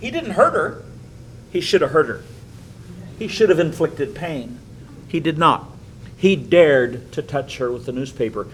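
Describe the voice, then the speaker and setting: An older man, a pastor, teaching a Bible study with animated, chuckling storytelling in a church. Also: mid-range voice, slight background noise, poor audio.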